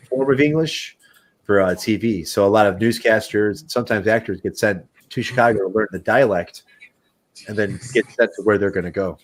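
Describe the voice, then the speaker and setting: A man with a Midwestern American accent chatting casually as a podcast host, rambling, swearing and saying "dude". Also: on the low side. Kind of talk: casual chat.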